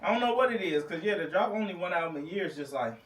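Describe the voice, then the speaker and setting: A man with a fairly high voice talks in a loose, slangy way and laughs often. He sounds set back from the microphone in an echoey room, with steady noise behind him. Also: racing, distant mic. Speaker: recording artist. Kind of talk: casual chat.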